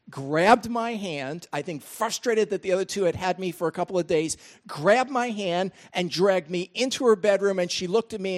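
An older man preaching a sermon, animated and emphatic, with chatty asides about his grandchildren. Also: high-pitched. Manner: animated, rising to emphatic peaks then dropping to asides. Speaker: pastor.

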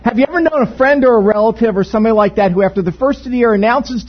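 Joking high-voiced man preaching a sermon. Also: very fast, hardly any pauses, breathy edge, lo-fi sound. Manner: conversational, joking, asks the congregation questions. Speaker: pastor. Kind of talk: interactive sermon. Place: church sanctuary.

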